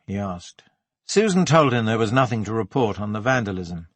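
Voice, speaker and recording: A man reading an audiobook in scripted narration, with a measured, even delivery. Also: on the low side, no echo.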